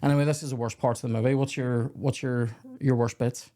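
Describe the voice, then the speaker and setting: A man in his young adult years talks through a film on a casual podcast. He rambles, swears freely and keeps breaking off mid-sentence to start again, at an ordinary middle pitch. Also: fairly even intonation, fast, warm tone. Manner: rambling, swearing, self-interrupting. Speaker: podcast host. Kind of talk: casual film review chat.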